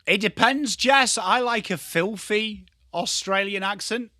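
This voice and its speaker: An English man hosting a live football watchalong, chatting with his viewers and swearing casually while he calls the play and shouts at big moments. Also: high-pitched, measured pace, dry recording, clean studio sound. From England. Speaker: livestream host.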